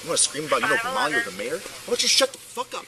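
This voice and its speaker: A man's voice: on the high side, huge pitch swings, very fast. A male police officer outdoors, angrily commanding and swearing at a man, recorded on a body camera. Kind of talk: shouting at a detained man. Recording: body camera with loud crowd.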